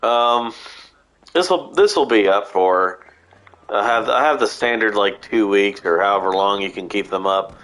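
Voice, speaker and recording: A man streaming a video game while sick, with a nasal voice, talking casually and rambling, with many halting restarts. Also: on the low side, fairly bright tone. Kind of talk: casual gameplay stream chat. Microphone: headset mic through console.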